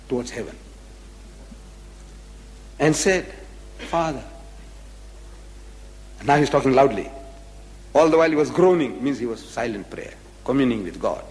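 A man giving a religious lecture who reads scripture aloud and explains it, swinging from loud to hushed and repeating key phrases for emphasis. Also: vocal fry, big-room sound, rough recording. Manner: animated, swinging widely in pitch and loudness, dropping to a hush for emphasis; repeats key phrases to drive a point home.

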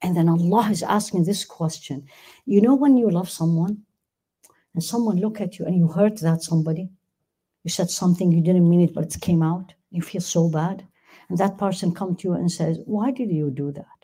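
A woman's voice: lowish voice, normal speed, warm tone, slightly rough. A woman teaching a religious class, emphatic, questioning her listeners and reciting verses. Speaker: Quran teacher.

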